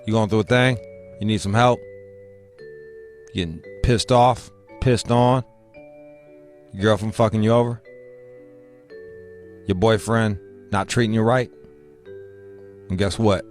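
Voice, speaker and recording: A man's voice: lowish voice, steady tone, unhurried, long pauses, faint music behind. A man hosting a call-in radio show, talking loosely with profanity and hype. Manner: loose, profane, hyped-up banter. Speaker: radio host. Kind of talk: casual talk radio.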